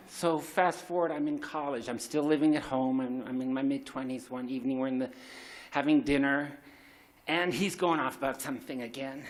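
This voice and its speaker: A man's voice: a little high, sharp tone. A middle-aged man telling a raw, confessional personal story at a live story slam, swearing freely and restarting his sentences.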